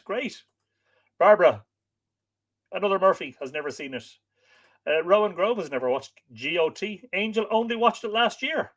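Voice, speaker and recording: A man, host of a live stream, reading an old story aloud and chatting with viewers between passages. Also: high-pitched.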